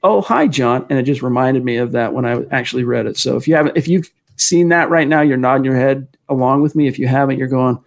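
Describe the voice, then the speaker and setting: A man's voice: mid-range voice, fairly even intonation, fast, few pauses. A man co-hosting a casual sports talk livestream, chatting and reading out fan messages. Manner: chatty, answers fan questions, reads chat aloud. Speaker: podcast co-host.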